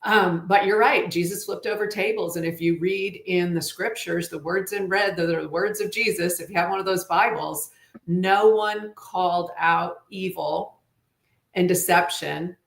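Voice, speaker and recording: A woman's voice: lowish voice, fairly even intonation, a little slow, vocal fry. Earnest woman, echoey room. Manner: earnest, preachy, quotes scripture. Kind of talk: casual talk-show chat.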